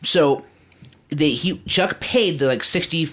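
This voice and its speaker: A man's voice: on the high side, slow pace, a bit bright. Easygoing man starting a story. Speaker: podcast co-host. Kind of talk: casual chat.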